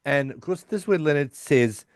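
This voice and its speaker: A man's voice: on the high side, expressive, moderate pace, no room sound, studio quality. A man co-hosting a podcast, casually recapping a sitcom episode and quoting lines from its scenes. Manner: retells scenes with quoted lines. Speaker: podcast co-host.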